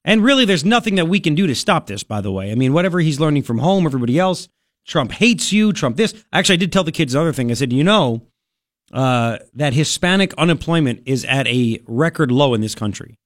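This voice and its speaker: Male talk radio host, slightly high voice, lively, opinionated, dry studio sound. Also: fairly quick, dry recording. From Long Island, New York. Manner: animated, opinionated, rhetorical questions. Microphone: studio microphone.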